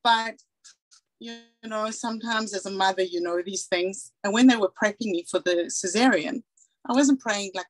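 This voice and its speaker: A woman in her forties from South Africa tells her own story to an audience, candid and earnest. She slips into the voices of the people she quotes. Her voice sits at a middle pitch and sounds dry and close, with no room echo. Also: normal speed. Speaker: guest speaker. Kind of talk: personal storytelling talk.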